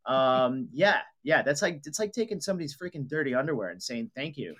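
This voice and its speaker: A man co-hosting a casual talk show, agreeable and chiming in with quick reactions. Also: medium pitch, expressive, a bit bright. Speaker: co-host. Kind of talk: casual chat.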